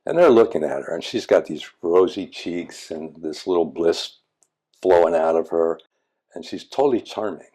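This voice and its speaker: Low-voiced older man, frank storyteller. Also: normal speed, mellow, husky. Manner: frank, blunt, occasionally profane, repeats words when restarting. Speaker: meditation teacher. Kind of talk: reflective conversational storytelling.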